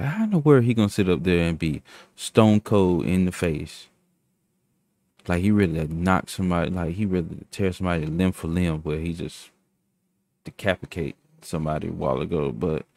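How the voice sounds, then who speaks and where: A man's voice: sits low, dark tone. A man hosting a reaction video, commenting in a casual, slangy, rambling and incredulous way.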